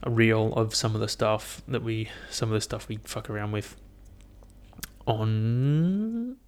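A man's voice: on the low side, completely flat delivery, normal speed. Rambling, swearing young man. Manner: rambling, profane and laughing at his own stories. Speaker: vlogger. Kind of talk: casual solo year-review chat. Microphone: headphone mic.

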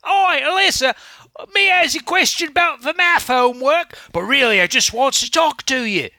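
A man's voice: very high voice, animated, moderate pace, bright, forceful tone, no echo, studio quality, voice pushed up, heavily acted. A man voicing a brash, lovestruck young male street urchin with a put-on Cockney accent.

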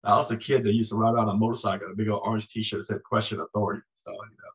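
Man in his 60s, lowish pitch, former Marine guest who narrates vividly and acts out voices. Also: very fast, low-quality recording. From United States. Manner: animated storyteller, acts out voices in anecdotes. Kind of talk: conversational storytelling.

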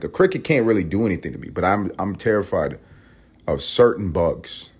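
A man from Harlem with a vocal-fry voice, rambling casually and profanely in a room at home early in the morning. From Harlem, New York. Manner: rambling, profane, low-key. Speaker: podcast host.

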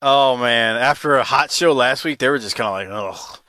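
A man's voice: medium pitch, brisk, sharp tone. A man hosting a podcast in casual chat, laughing and swearing freely. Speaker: podcast host.

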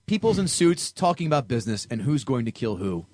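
A man's voice: mid-range voice, big pitch swings, fairly quick, a little mellow, no room sound. A man co-hosting a comedy film podcast, reading reviews aloud with mock dramatic emphasis.

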